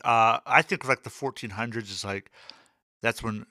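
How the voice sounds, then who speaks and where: Man co-host, casual educator, chatty and filler-heavy, forceful bright tone, dry close mic. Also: medium pitch, normal speed, no echo. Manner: loose and chatty, with many fillers and asides. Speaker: podcast co-host explaining music history.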